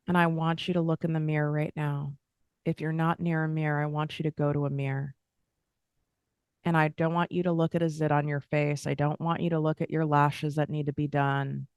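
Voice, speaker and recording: A woman's voice: deep voice, a little mellow, clear, resonant tone, no room sound, studio quality. A woman hosting a motivational self-help talk, speaking in an earnest, repetitive, affirming cadence. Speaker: host and money coach.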